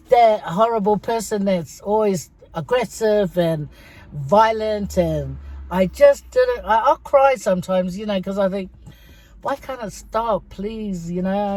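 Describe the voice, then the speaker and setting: A middle-aged woman talks straight to her viewers in a relaxed vlog. She tells stories in a chatty, friendly way, calling her audience guys. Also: mid-range voice. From Samoa. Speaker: vlogger. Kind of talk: casual mukbang chat to viewers.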